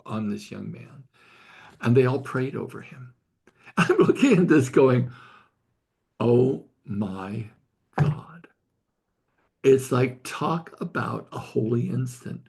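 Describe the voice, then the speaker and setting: An older man with a gravelly, husky voice at a middle pitch leads a spiritual study group, telling a story. He speaks earnestly and emotionally, stumbling over repeated words as he goes. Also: a little mellow.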